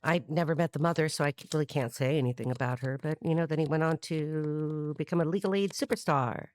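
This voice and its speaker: A woman's voice: deep voice, quick pace, a little mellow. A middle-aged woman from the United States giving a free-associating tarot reading, rambling and wisecracking with some profanity. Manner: rambling, free-associating, with sung snippets and put-on voices. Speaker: tarot reader. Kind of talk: freestyle tarot reading monologue.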